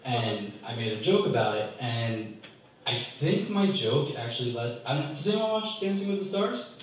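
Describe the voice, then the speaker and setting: A young man doing a stand-up comedy set in a club, ranting with exasperation and sudden jumps in pitch. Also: big pitch swings, normal speed. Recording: echoey club from far off. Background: audience laughter.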